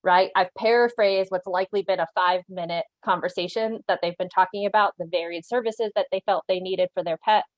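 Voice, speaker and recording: A woman's voice: fairly low pitch, steady tone, fairly quick, hardly any pauses, no room sound, muffled recording. Earnest woman teaching over a webinar. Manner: earnest and instructive, with occasional laughs and frequent "right?" check-ins. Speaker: animal control officer giving a training. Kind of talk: online training presentation.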